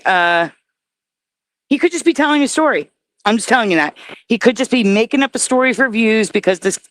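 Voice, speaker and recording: A woman's voice: medium pitch, dry recording. Dry, close-sounding woman hosting a stream. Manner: chatty, skeptical, reads chat aloud. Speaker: host reacting to videos. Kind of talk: casual live-stream commentary.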